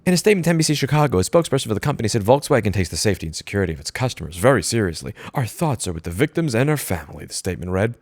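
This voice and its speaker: Low-voiced man ranting with profane sarcasm. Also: sing-song, quick pace, darkish tone, no echo. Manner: mocking, switching into put-on corporate voices. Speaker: commentary host. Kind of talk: angry commentary rant. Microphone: studio microphone.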